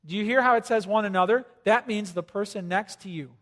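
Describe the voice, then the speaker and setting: A man's voice: high-pitched, fairly quick. A man preaching a sermon in a chatty, joking way, pushing hard for emphasis. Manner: conversational, joking, rising to loud emphasis. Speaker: pastor. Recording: long hall reverb.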